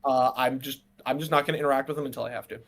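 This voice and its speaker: A man playing a tabletop game, describing his character's sneaking in a halting way. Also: medium pitch, fairly even intonation, fairly bright tone. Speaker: player.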